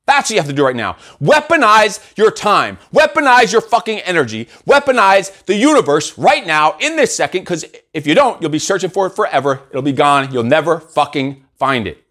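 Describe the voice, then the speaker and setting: A man's voice: a little high, very animated, moderate pace, few pauses, bright, forceful tone. A man hosting a motivational show, delivering a profane, intense monologue with many repeated exhortations. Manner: intense, swearing, repetitive exhortations. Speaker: host and coach.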